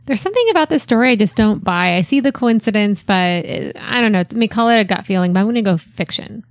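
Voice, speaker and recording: A woman's voice: medium pitch, expressive, fast talker, no room sound, studio quality. A woman on a casual podcast, chatty and skeptical. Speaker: podcast co-host.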